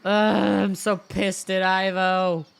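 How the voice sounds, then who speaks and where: A woman's voice: mid-range voice, extremely slow, fairly bright tone, clean tone. A woman streaming a game live, reacting bluntly and swearing in casual chat.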